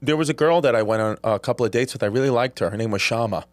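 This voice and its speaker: Male comedian host, 30s, American, fast animated swearing storyteller, dry studio sound. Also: medium pitch, dry recording. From United States. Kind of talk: casual chat.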